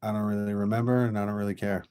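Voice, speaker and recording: A man's voice: on the low side, flat delivery, rapid-fire, dark tone, smooth. A man producing music on a live stream, talking casually to himself in an offhand, profane way. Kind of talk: casual live-stream commentary while making beats.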